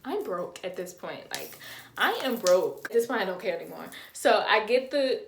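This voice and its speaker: A woman's voice: medium pitch, lively intonation, moderate pace, roomy sound, a little hiss or hum. A young woman in her twenties, telling a storytime vlog dramatically, acting out quotes and making sound effects. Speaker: vlogger.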